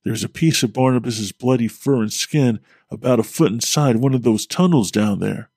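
A man's voice: mid-range voice, moderate pace, darkish tone, no room sound, clean studio sound, lightly acted. A man voicing a panicked grown man on a farm who stammers with fear and barks urgent orders. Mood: frightened.

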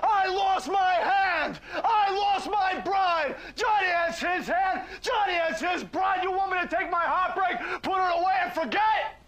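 An actor playing a wounded, fiery one-handed baker in a film drama, brooding and prone to shouting. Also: male voice, very high-pitched, a little slow, few pauses, dull audio, slight background noise, heavily acted. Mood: furious shouting. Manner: brooding, then bursts into shouting.

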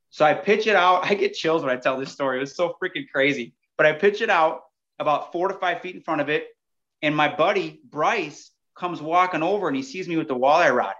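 A man with a slightly high voice tells a story as a podcast guest, animated and chatty. He keeps turning to the listeners directly. The audio sounds dull and lo-fi. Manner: animated, addresses listeners as "you guys". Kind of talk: casual storytelling.

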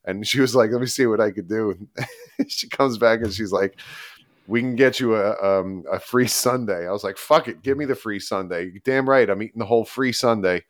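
A man co-hosting a podcast, telling a long story in a rambling, animated, casual way with frequent laughs. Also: on the low side, moderate pace, no echo, clean studio sound. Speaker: podcast co-host.

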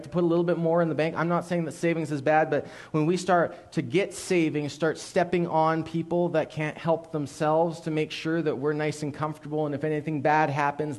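A man preaching to a church congregation, telling a story with playful asides and quick shifts between joking and earnest appeal. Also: fairly high pitch, darkish tone. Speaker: pastor. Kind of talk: sermon. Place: church sanctuary.

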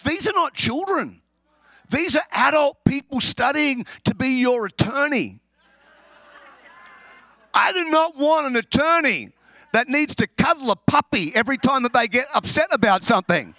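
An Australian man preaching with a high, ringing voice that sounds bright and forceful. He tells his stories in an animated way, laughs often and trips over repeated words. The sound is close and dry, with no room around it. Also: no room sound. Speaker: pastor. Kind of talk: humorous sermon.

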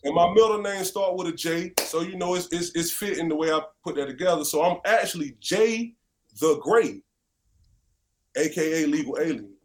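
A man from North Carolina, a guest musician telling stories in a casual interview, animated and conversational. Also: fairly high pitch, moderate pace, slight background noise. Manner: animated, conversational, leans on "you know what I'm saying".

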